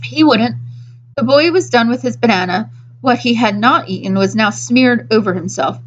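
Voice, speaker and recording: A woman, a children's librarian, reading a storybook aloud in a gentle, even storytelling manner. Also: on the high side, moderate pace, lo-fi sound. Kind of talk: storybook read-aloud narration.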